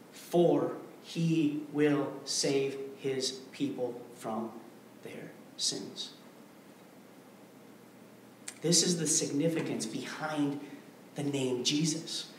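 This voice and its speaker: A male pastor preaching a sermon, emphatic and repetitive, swinging between hushed passages and forceful declarations. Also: mid-range voice, slow pace, a little hiss or hum. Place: church sanctuary. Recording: very echoey church hall, mic far off.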